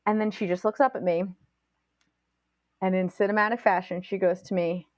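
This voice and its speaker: A woman guest on a podcast, retelling a personal story in an animated, fast-flowing way full of "like" fillers. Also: medium pitch, dry recording, clean studio sound.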